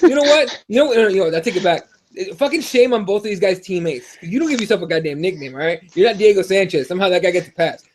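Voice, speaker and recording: A man hosting a casual fight-preview show, animated and swearing freely as he rants. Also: high-pitched, quick pace, slight background noise. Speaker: podcast host. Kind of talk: profane casual fight talk.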